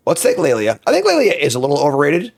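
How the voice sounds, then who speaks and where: Gravelly-voiced man thinking aloud. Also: a little high, huge pitch swings. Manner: muttering, thinking aloud, quick outbursts of frustration. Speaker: streamer drafting a card game. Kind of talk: casual draft commentary.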